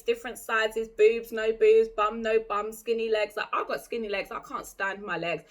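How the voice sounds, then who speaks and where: A woman's voice: fairly high pitch, a bit bright. A young woman vlogging in a blunt, chatty, opinionated way, full of "like". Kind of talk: casual chat to camera.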